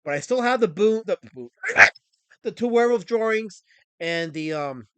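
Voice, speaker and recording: Animated, bright-voiced male streamer. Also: high-pitched, normal speed, clean tone, dry recording. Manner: scolds chat, profane, animated. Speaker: streamer and host. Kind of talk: casual live-stream chat.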